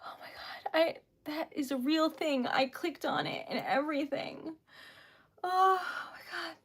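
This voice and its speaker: A woman's voice: sits high, a little slow, a bit bright. A woman streaming live and chatting casually, flustered and giggly, laughing through tears and often trailing off mid-sentence.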